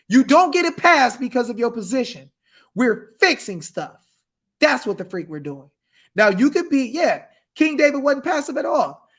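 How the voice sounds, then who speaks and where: Fiery high-voiced preacher man. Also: very animated, normal speed. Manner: fiery, shouting, reads scripture aloud. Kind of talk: impassioned preaching.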